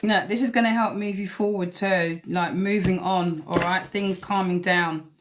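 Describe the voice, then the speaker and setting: A woman's voice: lowish voice, fairly even intonation, normal speed, noisy background. A woman giving a blunt, emphatic live tarot reading, swearing freely as she talks to viewers. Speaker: tarot reader.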